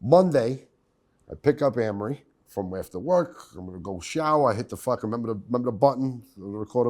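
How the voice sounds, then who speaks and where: A middle-aged man telling a profane, animated story on his podcast. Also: mid-range voice, fast. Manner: profane, animated, acts out voices. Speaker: podcast host.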